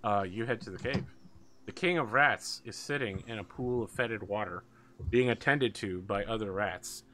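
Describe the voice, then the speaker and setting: A man running a tabletop game, narrating scenes in a loose, joking way. His voice is bright, and he drops in the odd swear word. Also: on the low side, moderate pace, a little hiss or hum. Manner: casual, swearing, laughs at own jokes. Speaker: game master.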